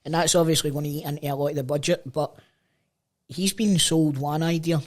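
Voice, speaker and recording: A man's voice: fairly high pitch, fairly even intonation, a little fast. A Scottish man co-hosting a podcast, chiming in with short teasing replies in casual banter. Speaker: podcast co-host.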